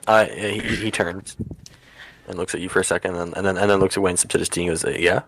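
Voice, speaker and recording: Deep-voiced man as game master. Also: fairly even intonation, fast talker, gravelly, a bit bright. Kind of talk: narrating a tabletop game.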